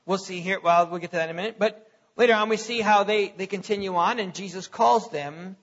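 High, bright-voiced preacher in a hall. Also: male voice, fairly quick. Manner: conversational, repeats words, chuckles between points. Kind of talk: sermon. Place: church hall. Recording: lo-fi recording in a reverberant hall.

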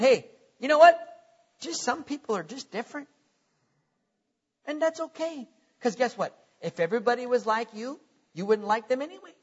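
High-voiced animated preacher man. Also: breathy edge, muffled recording. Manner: animated preacher, rhetorical questions, chuckles at himself. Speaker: pastor. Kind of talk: sermon.

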